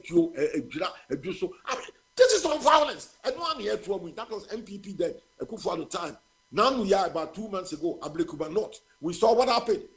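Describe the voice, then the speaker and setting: This is an older Ghanaian man phoning in to a talk radio program, and he is outraged at the country's leaders. His voice sits high and rises and falls widely as he drives his points home. He mixes Twi and English freely, hammering each word of condemnation. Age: 70s. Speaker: caller. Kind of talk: heated political call-in.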